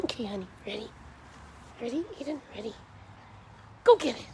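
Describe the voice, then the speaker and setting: A woman's voice: a little high, expressive, moderate pace, pauses often, a little mellow, a little hiss or hum. A woman on a live stream in a backyard, talking to dogs in coaxing baby talk, calling and cheering them on. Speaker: dog rescue volunteer. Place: backyard outdoors.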